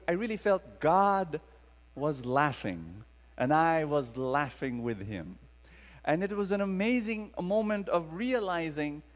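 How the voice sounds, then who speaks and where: A man with a Filipino accent preaching to a live audience, telling stories dramatically and calling on the crowd to respond. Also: a little high. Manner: animated, dramatic storyteller engaging the crowd. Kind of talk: storytelling sermon to a live audience. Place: large hall with long reverb. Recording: live talk in reverberant hall.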